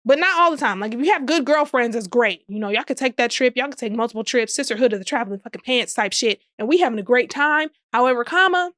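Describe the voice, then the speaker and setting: A woman's voice: on the high side, expressive, quick pace, hardly any pauses, fairly bright tone. A young woman talks through her solo podcast, sassy and profane and laughing often. The sound is dry and close, with almost no room echo. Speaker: podcast host. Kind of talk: casual solo podcast monologue.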